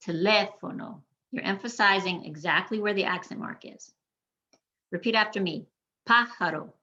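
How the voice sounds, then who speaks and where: A woman gives an online pronunciation lesson in a bright, clear voice. She draws out example words slowly and deliberately for learners to repeat. The audio is slightly dull and lo-fi. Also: medium pitch. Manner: slow, deliberate modeling of words for repetition. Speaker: Spanish teacher. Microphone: screen-share recording.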